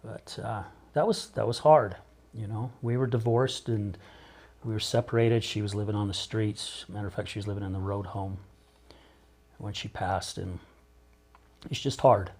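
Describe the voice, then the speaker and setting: Middle-aged man, low voice, raw and open guest, circles back on his words. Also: fairly even intonation, moderate pace, pauses often, darkish tone. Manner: emotional, open, rambling with repeated starts. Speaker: podcast guest, recovery coach. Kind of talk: candid interview conversation.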